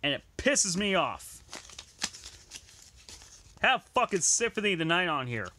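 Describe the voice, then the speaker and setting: A man's voice: high voice, sing-song, measured pace, sharp tone, slight background noise. A young man ranting angrily about a list of video games, swearing constantly. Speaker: gaming vlogger.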